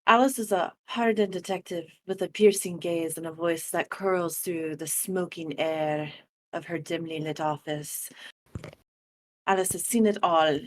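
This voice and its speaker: A woman putting on a low, hardboiled noir narration for her female detective in a tabletop game. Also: close to an everyday voice. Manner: low, smoky noir delivery.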